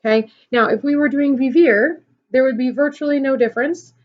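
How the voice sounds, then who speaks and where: A woman's voice: high voice, brisk, dull audio. Woman teacher explaining step by step. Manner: patient, step-by-step explaining with frequent "okay" and "um". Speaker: Spanish teacher. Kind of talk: recorded classroom lesson video.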